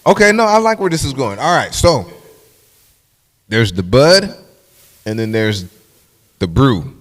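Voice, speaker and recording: Profane, animated podcast host. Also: male voice, mid-range voice, a little slow, long reverb tail. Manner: animated, profane, does playful voices of friends. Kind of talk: casual podcast chat.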